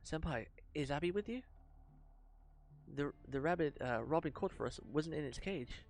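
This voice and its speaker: A man's voice: fairly high pitch, lively intonation, moderate pace. A man voicing a polite, practical young woman companion. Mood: matter-of-fact.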